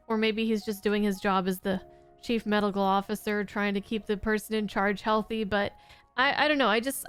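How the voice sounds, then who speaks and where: A woman's voice: mid-range voice, clear, resonant tone. A woman hosting her own channel, giving an earnest, heartfelt casual review of her favorite TV episodes. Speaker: YouTube reaction host.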